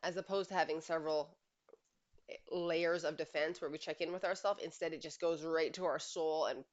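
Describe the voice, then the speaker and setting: A woman with a low voice coaching on relationships, speaking earnestly and emphatically to camera. She leans on rhetorical questions. The recording sounds a little dull and lo-fi. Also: normal speed, a little hiss or hum. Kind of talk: direct-to-camera advice monologue.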